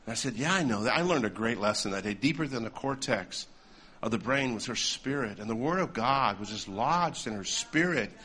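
A man preaching a humorous storytelling sermon, animated and laughing often. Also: mid-range voice, normal speed.

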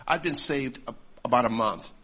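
A man preaching a humorous storytelling sermon, animated and laughing often. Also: medium pitch, moderate pace.

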